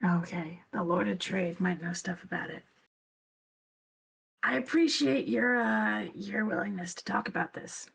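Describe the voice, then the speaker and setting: A woman playing a tabletop game, soft-spoken and hesitant, with a husky voice. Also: medium pitch, unhurried. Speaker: player.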